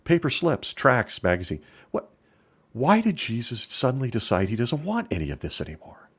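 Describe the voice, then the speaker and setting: A man's voice: medium pitch, huge pitch swings, normal speed, fairly bright tone, slightly rough. A middle-aged man giving opinion commentary in a sarcastic, emphatic way.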